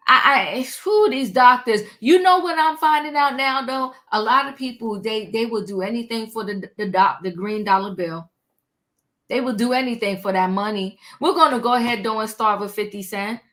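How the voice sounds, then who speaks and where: A woman's voice: on the high side, normal speed, a bit bright. A woman hosting a casual commentary livestream, chatty and slangy, greeting her viewers and exclaiming as she goes. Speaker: livestream host.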